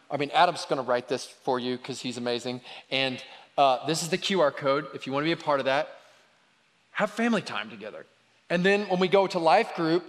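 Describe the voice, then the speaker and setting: A man preaching a sermon, telling stories about his children in a lively, animated way. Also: a little high. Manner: animated storytelling, quoting his kids. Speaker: pastor. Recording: long hall reverb.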